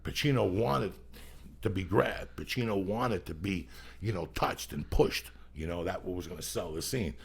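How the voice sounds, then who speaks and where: A man's voice: low-pitched, normal speed, creaky, breathy edge. A middle-aged man hosting a casual podcast while stoned, rambling through profane, loose stories. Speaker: podcast host.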